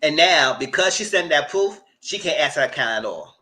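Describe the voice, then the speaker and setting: Man hosting a TV recap, lively swooping pitch, bright sharp tone, dramatic and loud with cussing asides. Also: a little fast. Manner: dramatic retelling, jumps into squealing high voices for quoted people; loud and expressive with swearing and "girl", "y'all" asides. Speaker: channel host reviewing TV. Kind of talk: animated casual recap.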